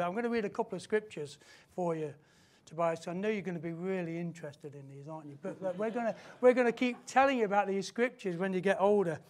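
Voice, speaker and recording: British guy pastor doing a baby dedication, pretty high voice, jokey then slow when he reads scripture. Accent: British English. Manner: warm, jokey asides mixed with slow scripture reading. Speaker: pastor leading a child dedication. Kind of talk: church service address.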